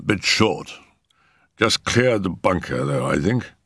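A man voicing a calm, matter-of-fact older doctor who soothes a troubled patient, in a storybook reading. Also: deep voice, husky, no room sound, studio quality, exaggerated voice. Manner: unhurried, wry, matter-of-fact. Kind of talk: audiobook character reading.

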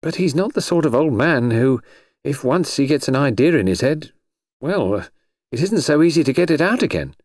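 A man voicing a nervous, uneasy young wife in an audiobook reading, hesitant and halting. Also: on the high side, animated, a little mellow, no echo, clean studio sound, voice pushed up. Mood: explaining.

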